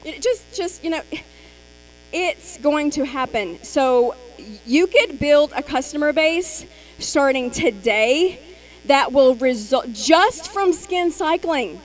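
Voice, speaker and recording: A woman's voice: sits high, animated, slow pace, slight background noise, low-quality recording. A woman co-presenting a live-stream sales training, speaking in an upbeat, encouraging way.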